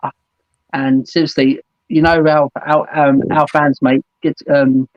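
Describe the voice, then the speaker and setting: A man's voice: on the high side, little pitch movement, a little slow, no room sound. A man hosting a fan call-in show, chatting casually and saying "mate" and "absolutely" a lot. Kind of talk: casual football chat. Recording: dull dry lo-fi sound.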